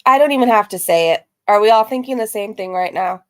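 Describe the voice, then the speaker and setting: A woman's voice: medium pitch, fast talker. A woman hosting a reaction video, making sarcastic, mocking remarks and reading out chat comments.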